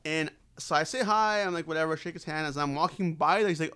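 A man telling a long, rambling story in casual chat, full of fillers and "right?" check-ins, getting loud and animated when he acts out shouted lines. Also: a little high, brisk, few pauses, clean tone, no room sound.

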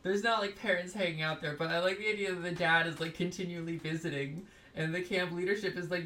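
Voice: mid-range voice, fairly even intonation, fast talker, few pauses, bright, forceful tone. A podcast co-host in casual chat, speaking thoughtfully and hesitantly, with many fillers and restarts.

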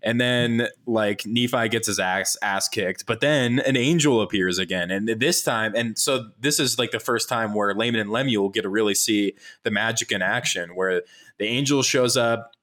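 A man's voice: fairly low pitch, normal speed, a bit bright. A man hosting a casual chat, recapping a movie in a joking, profane, rambling way. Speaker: podcast host.

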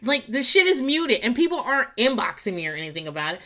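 A woman hosting a casual solo podcast, rambling and swearing, laughing often and jumping into squealing high voices when she quotes people. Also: sing-song, quick pace, pushed and bright. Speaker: podcast host. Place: garage.

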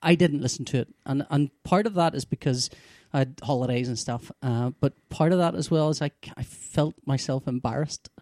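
A man's voice: medium pitch, moderate pace, a little mellow, dry recording, clean studio sound. A man co-hosting a podcast in casual chat, rambling, laughing often and poking fun at himself. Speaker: podcast co-host.

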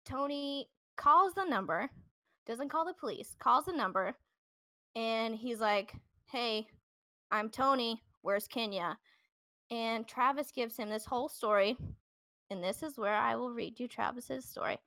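A woman's voice: a little high, unhurried, pushed and bright, no echo, clean studio sound. A woman hosting a podcast, telling a true-crime story in a loose, chatty way with plenty of fillers and restarts. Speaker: podcast host. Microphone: podcast microphone.

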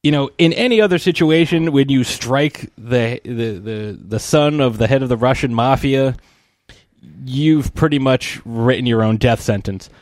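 A man's voice: medium pitch, a little slow, darkish tone, no echo. A man co-hosting a casual podcast, retelling a film plot in a rambling, profane way with many fillers and restarts. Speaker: podcast co-host.

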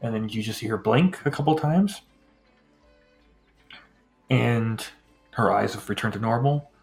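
A man's voice: medium pitch, a little slow, gravelly, darkish tone, faint music behind. A man running a tabletop game as game master, describing scenes loosely with many fillers.

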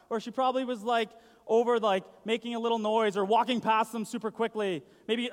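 A man's voice: very high-pitched, fairly even intonation, brisk. A young man giving a casual sermon, chatty and full of "like". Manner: chatty, uses "like" a lot. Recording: long hall reverb.

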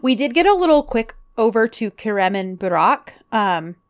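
A woman's voice: a little high, smooth. A woman chatting casually as a podcast co-host, recapping a TV episode and acting out the characters' lines. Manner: animated, acts out characters' lines in quick voices.

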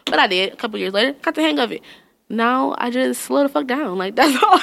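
A young woman, telling funny stories in a loose, profane, animated way and laughing often. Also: sits high, brisk, creaky. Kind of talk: casual storytelling chat.

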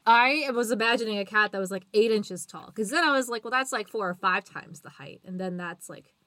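A woman's voice: medium pitch, fairly quick, bright, forceful tone, no room sound. A woman co-hosting a casual book podcast over a video call, recapping chapters and laughing often. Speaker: podcast co-host.

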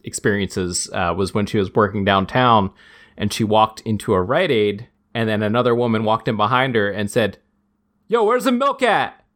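A man's voice: on the low side, fairly even intonation, moderate pace, a bit bright. A man co-hosting a casual podcast who chimes in with wry, easygoing comments. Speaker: podcast co-host. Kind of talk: casual chat.

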